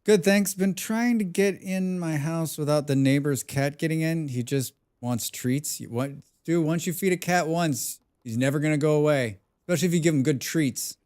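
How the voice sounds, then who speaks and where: A man's voice: a little high, normal speed, hardly any pauses, a little mellow. A man casually chatting on a game live stream, humming and mumbling nonsense sounds between remarks. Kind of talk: casual live-stream chat while playing.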